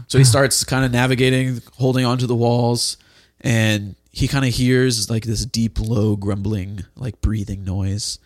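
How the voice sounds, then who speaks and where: A man's voice: medium pitch, steady tone, a little slow, few pauses. A man narrating his turn in a storytelling card game, rambling and building suspense. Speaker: podcast co-host.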